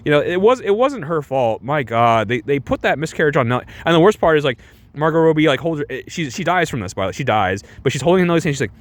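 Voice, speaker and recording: Young male streamer, sarcastic reviewer, swings his pitch widely, restarts a lot. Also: quick pace. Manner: animated and sarcastic, with frequent restarts and rhetorical questions. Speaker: movie reviewer. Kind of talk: casual stream chat.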